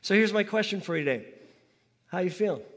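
A man's voice: high voice, expressive, brisk. Guy pastor giving a sermon in church, casual talky style, gets folks to say stuff back, long echo tail. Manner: conversational, asks the congregation to repeat after him. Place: church sanctuary. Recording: long hall reverb.

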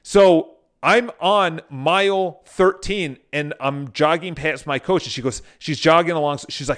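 Higher-voiced man giving motivational talk. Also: measured pace, a bit bright. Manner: storytelling with frequent restarts and casual swearing; addresses viewers directly. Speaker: motivational speaker. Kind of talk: casual motivational monologue.

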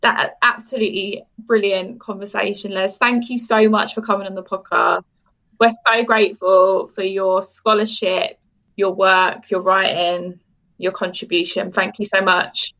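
A woman co-hosting a podcast, speaking in an earnest, measured way to her guest. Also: mid-range voice, little pitch movement, a bit bright, lo-fi sound. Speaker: podcast co-host. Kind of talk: conversational podcast interview.

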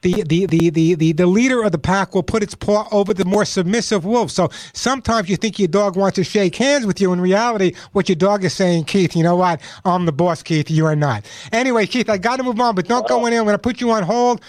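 A high-voiced male radio host runs a pet call-in program, talking quickly with hardly any pauses in a recording free of echo. He hammers home his advice, says things more than once, and slips into dog voices as a joke.

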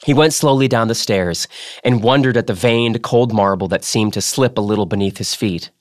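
A man hosting a podcast, reading a novel excerpt in a measured way and then chatting loosely and jokingly. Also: on the low side, dry recording, studio quality. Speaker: podcast host. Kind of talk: reading aloud and casual chat.

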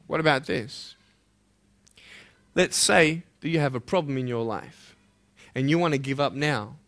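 Impassioned bright-voiced male motivational speaker. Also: mid-range voice, measured pace. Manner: impassioned, swinging between loud urging and hushed intensity; direct rhetorical questions to listeners. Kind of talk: motivational speech to a school audience.

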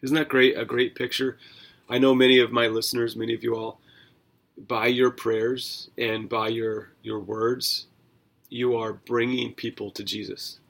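A man's voice: medium pitch, level tone, measured pace, creaky, a bit bright. A man hosting a devotional Bible podcast, talking in an earnest, conversational way with asides and self-corrections. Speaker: podcast host.

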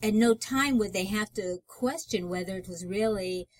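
A woman co-hosting a relationship advice talk, explaining things in a thoughtful, measured way. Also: medium pitch, a little mellow. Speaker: relationship counselor co-host. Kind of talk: casual advice chat.

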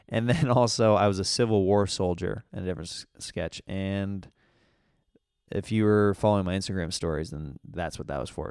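A man's voice: deep voice, creaky, a little mellow, clean tone, dry recording, studio quality. Upbeat man hosting a podcast. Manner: upbeat, rambling, laughs often. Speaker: podcast host. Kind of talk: casual solo podcast chat.

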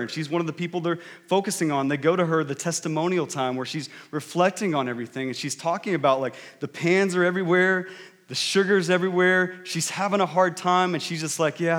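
A male pastor preaching a sermon, telling stories with animated, emphatic delivery. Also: a little high. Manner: animated storytelling, rising to emphatic peaks. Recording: long reverb of a large hall.

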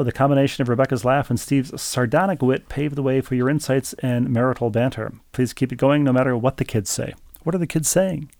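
A man with a gravelly, fry-edged voice co-hosts a chatty podcast. He reads listener mail aloud with dry humor and stumbles over repeated words. His voice sounds close and dry. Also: medium pitch, darkish tone, no room sound. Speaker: podcast co-host. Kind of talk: casual chat, reading listener mail.

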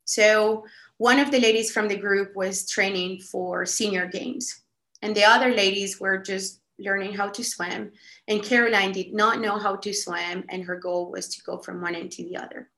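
A woman telling a story casually on a podcast, animated and full of "like" fillers. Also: mid-range voice, moderate pace. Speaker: podcast guest. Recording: echoey room.

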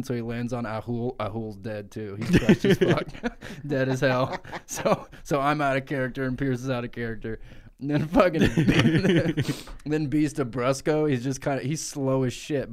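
A man improvising a crude comic story on a podcast, laughing between lines as he goes. His voice is of middling pitch and he swears freely. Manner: profane, giggly riffing. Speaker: podcast co-host.

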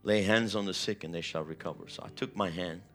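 A man's voice: deep voice, a little fast, fairly bright tone, faint music behind. A man preaching a sermon, retelling a personal testimony with vivid, emotional storytelling. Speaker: pastor.

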